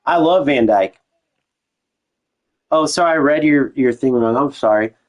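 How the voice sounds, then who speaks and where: A young man commentates his own football video game stream, loose and talkative. His voice sits at an ordinary middle pitch, and he keeps chatting to his viewers with slang and restarts. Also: a little slow, rough recording. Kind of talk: casual gameplay commentary to live chat.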